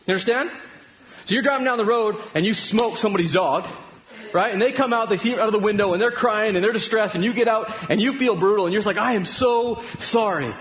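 A man's voice: high-pitched, a bit bright, highs cut off. A middle-aged Canadian man preaching a sermon to his congregation in a conversational way, often asking them questions. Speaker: pastor.

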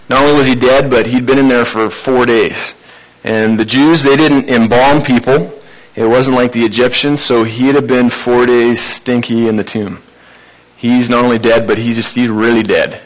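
A man's voice: medium pitch, poor audio. A man preaching a sermon in a conversational, informal way. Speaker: pastor.

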